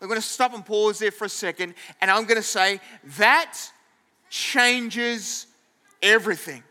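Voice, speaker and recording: A man's voice: high-pitched, unhurried, bright, forceful tone, smooth, long reverb tail. A man preaching a sermon to a church, playful and conversational, acting out scenes for the congregation. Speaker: pastor.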